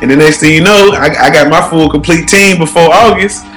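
Slangy, laid-back man, a bit high. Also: a little fast, fairly bright tone, faint music behind. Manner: laid-back, slangy, lots of "you know what I'm saying". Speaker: youth football coach. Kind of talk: casual chat.

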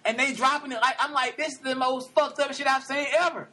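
A man hosting a casual hip-hop podcast, excitable and quick to laugh. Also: very high voice. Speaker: podcast host.

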